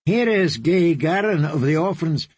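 A man's voice: a little high, animated, unhurried, a little mellow, slightly rough, no echo, pitched above the performer's own voice. A man reading an audiobook, voicing a proud young princess who speaks in a poised, persuasive way.

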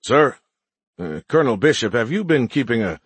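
A man's voice: medium pitch, big pitch swings, moderate pace, husky, no room sound. A man voicing a shocked young male soldier who stammers formally to his commander. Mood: stunned.

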